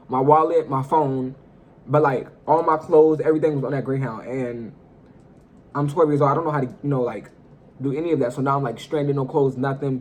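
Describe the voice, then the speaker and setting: A young man telling a personal story in a casual vlog, animated and profane, talking straight to his viewers. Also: medium pitch. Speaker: storyteller vlogger.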